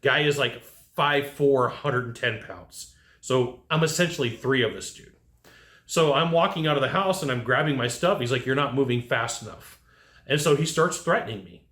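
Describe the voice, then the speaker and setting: A man giving casual advice to HVAC technicians, telling lively work stories and acting out what people said. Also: mid-range voice, moderate pace, roomy sound. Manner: animated storyteller who acts out quotes. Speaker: HVAC sales trainer.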